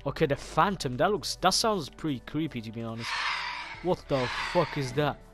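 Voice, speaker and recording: A man talking through a video game in a loose, excitable commentary. His voice sits a little higher than most men's, and he swears freely as he reacts to each new thing. Game music plays clearly underneath. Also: normal speed. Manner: excitable, swears often, reacts aloud to what he sees. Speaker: gaming YouTuber. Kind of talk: casual gameplay commentary.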